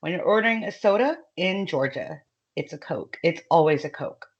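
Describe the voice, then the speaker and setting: A woman's voice: lowish voice, expressive, normal speed, dull audio. A woman with a Southern American accent chatting casually as a podcast guest, laughing often and using many fillers. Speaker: guest author.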